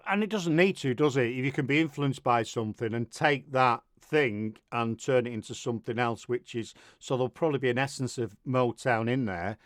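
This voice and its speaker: A man's voice: medium pitch, fairly quick, hardly any pauses, dry recording, clean studio sound. A middle-aged man from Manchester with a Mancunian accent, hosting a casual radio interview in a jokey, rambling way. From Manchester, England. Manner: chatty, jokey, rambling with restarts. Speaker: radio show host.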